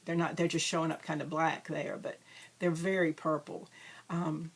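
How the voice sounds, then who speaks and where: A woman's voice: low voice, level tone, normal speed, slightly rough. A woman hosting a crafting videocast, chatting casually and rambling with frequent ums and self-deprecating asides. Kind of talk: casual show-and-tell chat.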